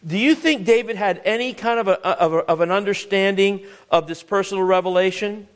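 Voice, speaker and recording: Earnest preacher man, slightly high voice. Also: a little fast, clean tone. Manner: earnest, repeats words, asks the congregation questions. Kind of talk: sermon.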